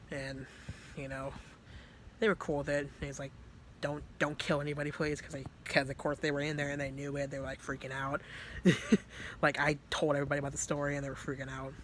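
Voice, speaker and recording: A man telling a story to his viewers in a rambling, casual way, full of fillers and casual swearing, mostly soft-spoken. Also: on the high side, a little hiss or hum. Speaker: vlogger.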